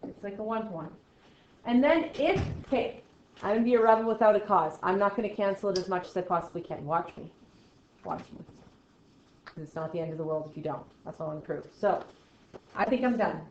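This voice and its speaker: A woman math teacher giving a classroom lesson to students, talking in a chatty, playful way with jokey asides and swings from loud to quiet. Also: mid-range voice, brisk, a little hiss or hum. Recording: echoey classroom, dull lo-fi sound.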